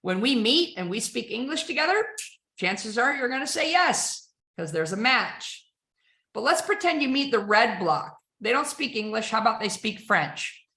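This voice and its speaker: A woman giving an energetic sales presentation, firing rhetorical questions at her audience with emphasis. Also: fairly high pitch, moderate pace. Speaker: sales trainer. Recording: echoey room.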